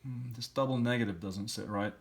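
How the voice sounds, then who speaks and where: A man's voice: mid-range voice, fairly even intonation, brisk, gravelly. A man teaching, walking patiently through language exercises and thinking aloud as he works out each answer. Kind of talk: explaining language exercises step by step.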